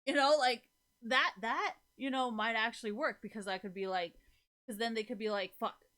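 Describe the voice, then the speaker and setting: A woman's voice: fairly high pitch, normal speed, pushed and bright. A young woman streamer chatting casually to her viewers, rambling and swearing a lot, breaking into laughs often.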